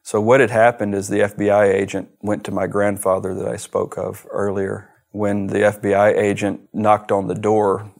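A middle-aged man from the United States, answering an interviewer in a measured way and retelling past conversations line by line. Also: fairly low pitch, gravelly, darkish tone. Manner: measured, retells dialogue with repeated "I said". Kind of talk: personal storytelling.

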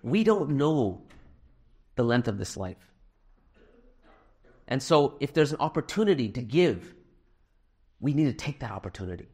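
A man's voice: medium pitch, very animated, a little slow, long pauses, mellow, husky. A middle-aged man giving a fundraising sermon to a live audience in a hall, earnest and conversational with self-deprecating humor. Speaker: speaker at a fundraising talk.

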